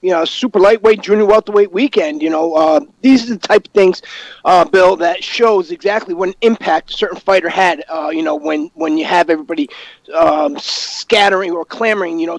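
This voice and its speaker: A man's voice: sits high, vocal fry, dry recording, poor audio. A man appearing as a guest analyst on a talk show, walking through fighters' records with a lot of "you know" fillers. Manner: fact-heavy, full of "you know" fillers. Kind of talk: casual call-in commentary.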